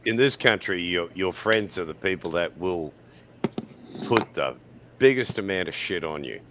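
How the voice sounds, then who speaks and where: A man's voice: sits low, lively intonation, normal speed, fairly bright tone, a little hiss or hum. A man in his sixties with an Australian accent, hosting a casual panel chat and telling bawdy anecdotes with frequent laughs.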